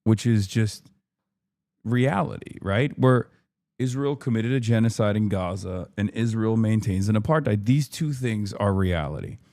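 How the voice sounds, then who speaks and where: A man's voice: lowish voice, unhurried, vocal fry, dark tone. A man ranting in livestream commentary, exasperated and profane, repeating himself for emphasis. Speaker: streamer reacting to news.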